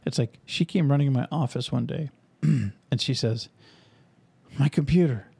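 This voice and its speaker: A man hosting a podcast, casually telling an animated story and acting out the voices of people in it. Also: medium pitch, moderate pace, gravelly, husky, no room sound. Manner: animated anecdote telling, acts out quoted voices. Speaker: podcast host and author.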